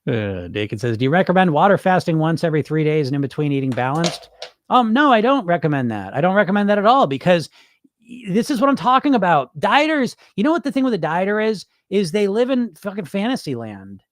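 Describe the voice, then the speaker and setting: A man's voice: high voice, a little fast, dry recording, clean studio sound. A man on a weight loss live stream, reading viewers' comments and answering bluntly, swearing freely and acting out what dieters tell themselves. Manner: blunt, animated, swears freely, acts out dieters' inner voices. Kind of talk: casual live-stream talk.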